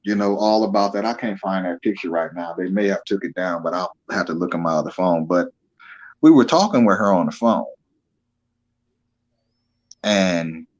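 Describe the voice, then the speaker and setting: Folksy male storyteller on a lo-fi line. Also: deep voice. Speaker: guest, paranormal experiencer. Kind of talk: casual storytelling.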